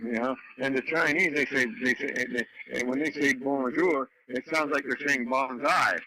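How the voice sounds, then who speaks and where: A man's voice: mid-range voice, fairly even intonation, unhurried, bright, forceful tone, low-quality recording. A man from Canada telling rambling stories in a casual chat over a radio net, full of fillers and restarts. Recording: radio audio with faint noise.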